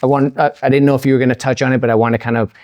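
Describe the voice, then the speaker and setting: A man's voice: medium pitch, little pitch movement, racing, a little mellow, no echo. A male podcast host asking long, rambling questions with many restarts. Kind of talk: interview questions. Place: Las Vegas.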